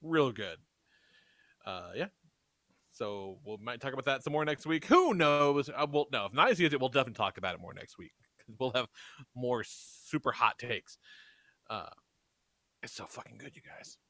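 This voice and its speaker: A man hosting a podcast in casual chat, animated and swearing freely. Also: medium pitch, moderate pace, long pauses, no echo, studio quality. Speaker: podcast host.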